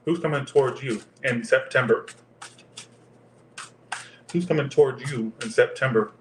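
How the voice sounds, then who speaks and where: A man's voice: medium pitch, normal speed, background noise. Crude, joking man with roomy echo. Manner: crude, joking, profane banter. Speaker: tarot reader. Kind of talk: live tarot reading chat.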